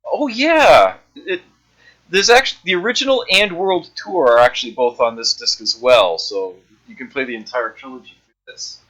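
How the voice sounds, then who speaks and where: A man streaming old arcade games, chatting casually with viewers, laughing often and filling pauses with uhs. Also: mid-range voice, animated, sharp tone, poor audio. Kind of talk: casual gameplay commentary. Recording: backup mic, music behind.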